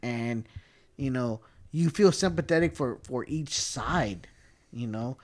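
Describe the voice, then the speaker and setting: A man in his thirties co-hosting a casual podcast, excitable and laughing often, repeating words and swearing as he tells stories. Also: mid-range voice, takes it slowly. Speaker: podcast co-host. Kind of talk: casual chat.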